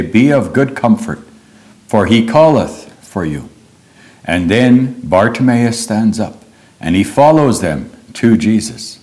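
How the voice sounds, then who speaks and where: A man preaching a sermon, retelling scripture in a slow, earnest storytelling manner. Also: lowish voice. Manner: slow, earnest storytelling with lively rises and drops.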